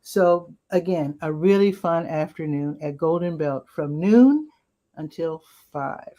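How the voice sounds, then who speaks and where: A woman's voice: sits low, fairly even intonation, measured pace, warm tone. A woman hosting a casual rundown of local weekend events, chatty and upbeat with asides, her voice cracking now and then. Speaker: community events host.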